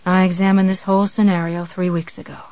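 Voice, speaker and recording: A reader voicing a weak, drugged, injured man with a quiet, croaking, slurred voice, in a dull audiobook recording. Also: mid-range voice, flat delivery, fast talker, dry recording, close to an everyday voice. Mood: weary.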